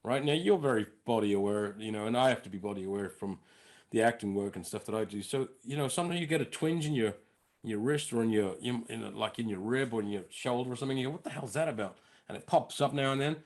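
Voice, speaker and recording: A man with a London accent, a comedian guest on a podcast, rambling through stories in a lively way. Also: mid-range voice, quick pace. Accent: English, London. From England. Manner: animated, rambling storyteller. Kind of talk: podcast conversation.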